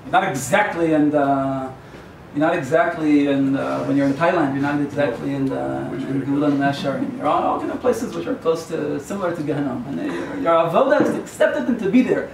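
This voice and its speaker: Gravelly and fairly high-pitched, this rabbi's voice moves at a normal speed as he preaches in a rambling, humorous storyteller style. The mic sits far away in a reverberant yeshiva lecture hall, picking up a slight hum.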